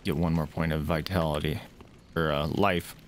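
A man's voice: a bass voice, flat delivery, moderate pace, slight background noise. A man streaming a game live, talking through his fights with frequent swearing, greeting viewers and chatting to his dogs. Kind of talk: live gameplay commentary.

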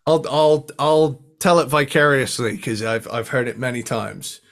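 Podcast co-host, male, mid pitch, upbeat and sweary, sings bits of songs. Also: flat delivery, unhurried, gravelly, fairly bright tone. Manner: enthusiastic, sings riffs and swears casually. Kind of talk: casual chat.

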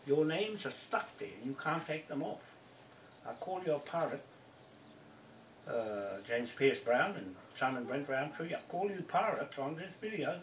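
A man's voice: mid-range voice, fairly bright tone, slight background noise. A man speaking to camera in a rambling, accusing monologue, stressing his points and repeating himself. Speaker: land claimant addressing viewers. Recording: roomy echo from a distant mic.

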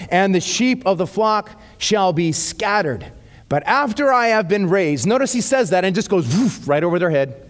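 A male pastor giving a sermon. He reads scripture slowly, then breaks off into lively, casual asides. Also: high voice.

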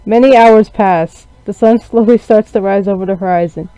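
A man's voice: sits high, steady tone, normal speed, hardly any pauses, dark tone, smooth, no echo. A man reading a game story aloud with sarcastic, mocking asides, as a gaming channel host. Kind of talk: reading a visual novel aloud with commentary. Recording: dry, dull lo-fi recording.

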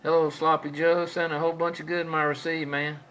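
A man's voice: a little high, flat delivery, brisk, fairly bright tone, clean tone, poor audio. A man trading folksy CB radio chatter with other operators, drawing out his calls and repeating his stock phrases.

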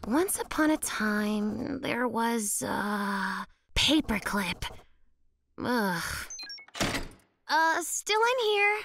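A woman voicing an eager young cartoon pet who makes movies, talking in an animated way with sighs and gasps. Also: fairly high pitch, drawn-out words, background noise, full character voice. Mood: determined. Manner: animated, sighing and gasping. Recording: music playing underneath.

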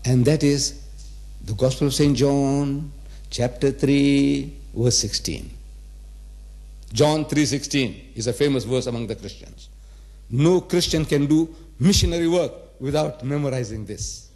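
A man's voice: medium pitch, unhurried, a little mellow. Emphatic man in his seventies lecturing. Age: 70s. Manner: emphatic, repeats points, rhetorical questions to the audience. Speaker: religious lecturer. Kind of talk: public lecture to a live audience.

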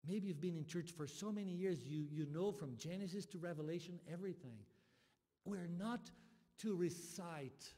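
A man preaching a sermon as pastor, speaking with passion and moving from soft, quiet lines to loud, rising appeals. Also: sits high, normal speed. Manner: impassioned, swings from soft to loud. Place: church sanctuary. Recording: long hall reverb.

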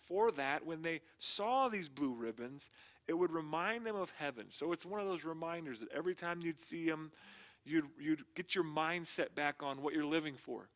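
A pastor preaches in an easygoing, conversational way, tossing in slang as he goes. His speaking voice sits a little higher than most men's. It sounds like a laid-back sermon to a small congregation. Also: fairly bright tone.

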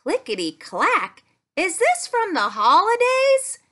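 A woman speech-language pathologist leads a playful lesson for children. Her voice is very high and bright. She speaks slowly in an animated, sing-song, exclamatory way.

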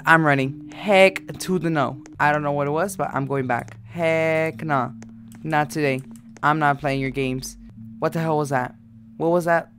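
A man's voice: fairly high pitch, measured pace, fairly bright tone, soft background music. A male gaming YouTuber giving jumpy horror gameplay commentary, repeating frightened exclamations.

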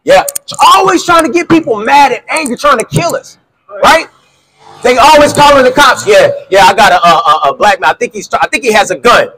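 High-voiced man preaching insistently. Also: animated, fairly quick, sharp tone, low-quality recording. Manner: insistent, quizzing the listener and repeating questions. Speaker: street preacher. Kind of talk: street preaching with call-and-response.

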